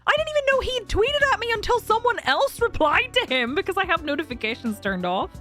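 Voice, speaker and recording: A woman's voice: very high voice, sing-song, a little fast, pushed and bright, soft background music. A woman streaming a game live, chatting casually and animatedly, often laughing and swearing.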